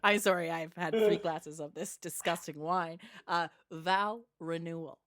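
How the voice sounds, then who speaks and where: A woman's voice: on the low side, fairly even intonation, unhurried, fairly bright tone, a little hiss or hum. A woman co-hosting a podcast, chatting casually in a giggly, self-deprecating way. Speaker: podcast co-host. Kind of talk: casual chat about reality TV.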